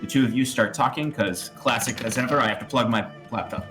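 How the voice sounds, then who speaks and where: A man's voice: medium pitch, quick pace, a bit bright, soft background music. A man running a tabletop game as game master, loose and full of fillers. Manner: loose, filler-heavy, laughing often.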